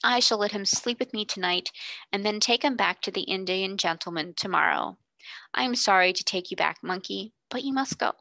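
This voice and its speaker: A woman voicing a kind, gentle young girl who speaks softly and earnestly, often near a whisper. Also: mid-range voice, normal speed, vocal fry, dry recording. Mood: tender.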